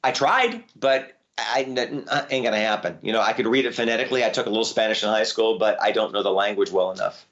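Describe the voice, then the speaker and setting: A man, a voice actor, telling stories in a casual interview with a lively manner. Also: fast talker, few pauses, muffled recording. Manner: lively, jumps up in pitch when excited. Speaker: voice actor guest.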